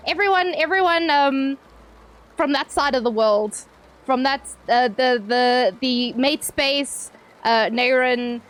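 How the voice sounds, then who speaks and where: High-voiced, playful woman streamer. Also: slow pace. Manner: playful, chatty, swears freely, laughs often. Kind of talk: casual live-stream chat with viewers.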